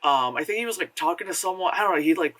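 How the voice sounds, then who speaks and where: A man's voice: on the high side, animated, very fast, a bit bright. A man rambling through a casual movie review, peppering his retelling with fillers and profanity. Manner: rambling and profane, full of "like" and "you know"; acts out characters' lines in exaggerated voices. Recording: voice distant from the mic.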